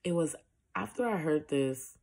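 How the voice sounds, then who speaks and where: A woman in her bedroom at night, giving a soft-spoken, casual spiritual message with many filler words. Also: low-pitched, lively intonation, a little slow, vocal fry. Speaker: online prayer minister.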